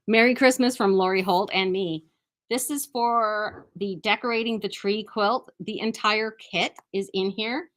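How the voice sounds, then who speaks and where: A woman's voice: mid-range voice, fairly bright tone. A woman hosting a quilt shop video, chatting casually and enthusiastically about products, often restarting her sentences. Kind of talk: casual live product showcase.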